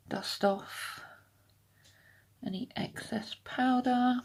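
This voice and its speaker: Slow, gravelly woman doing nails. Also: a little high. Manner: chatty, slow and explanatory, drifting into half-whispers. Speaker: nail art vlogger. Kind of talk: casual step-by-step tutorial narration. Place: home room at her desk.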